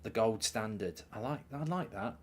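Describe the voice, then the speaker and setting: A man hosting a live football watchalong, rambling and self-mocking as he chats, often dropping into a quiet mumble. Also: on the low side, expressive, moderate pace, slight background noise. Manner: rambling, self-mocking, riffs on ideas and reads out viewer messages. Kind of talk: casual live commentary and chat reading.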